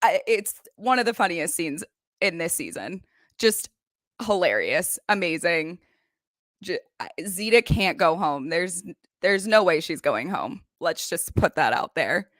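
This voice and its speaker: A young woman hosting a casual recap show, retelling scenes in a gossipy, animated way. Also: fairly low pitch, a little slow, no echo, studio quality. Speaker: recap podcast host. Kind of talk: casual chat. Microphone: desk microphone.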